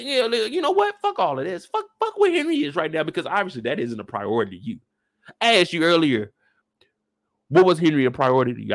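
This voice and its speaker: A man's voice: high-pitched, fairly bright tone, exaggerated voice. A man re-enacting a furious female rebel leader who grills an underling, swearing and repeating herself in a mock interrogation. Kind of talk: comedic re-enactment in a review.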